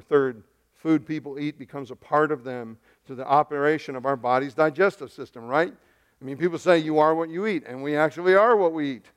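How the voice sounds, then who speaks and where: A male pastor preaching a sermon to his congregation in a conversational style, dropping to hushed tones and then rising loud and emphatic. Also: a little high.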